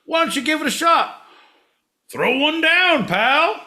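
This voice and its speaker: A man's voice: very high voice, very animated, measured pace, pushed and bright. A man co-hosting a comedy podcast, theatrical and mock-solemn, slipping into mock-infomercial patter. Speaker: podcast co-host.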